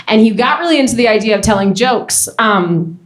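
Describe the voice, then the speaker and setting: Young female stand-up comic, animated storyteller, roomy club mic. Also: on the high side. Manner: animated storytelling, quick asides. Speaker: stand-up comedian. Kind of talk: stand-up set. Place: comedy club stage. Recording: roomy club with faint noise.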